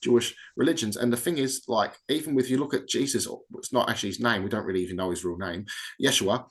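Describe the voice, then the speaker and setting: A man talking casually as a podcast guest, in a loose way, often hedging with "in a sense.". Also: medium pitch. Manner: fast, loose talk, often adds "in a sense".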